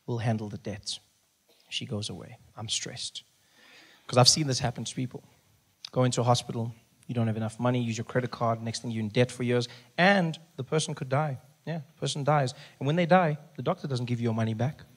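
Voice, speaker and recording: A man telling a stand-up story, acting out other voices and rising to shouts. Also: medium pitch, fairly quick. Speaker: stand-up comedian.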